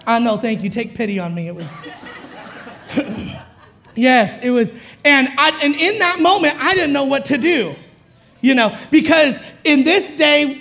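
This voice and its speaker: A woman's voice: high-pitched, gravelly. A woman preacher giving a sermon in a conversational, chuckling way and drawing the congregation in.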